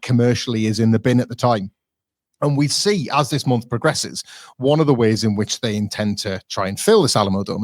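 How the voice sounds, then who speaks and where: Recorded with studio quality and no echo, a medium-pitched man co-hosts a casual podcast review. He retells events in a chatty, wry, digressive manner.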